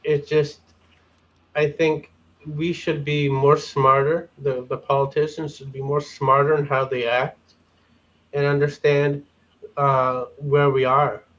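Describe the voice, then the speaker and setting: A man's voice: on the high side, little pitch movement, slow pace, a bit bright, muffled recording. A man on a panel, giving his opinions in casual chat, talking hesitantly with repeated words and restarts. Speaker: panel guest.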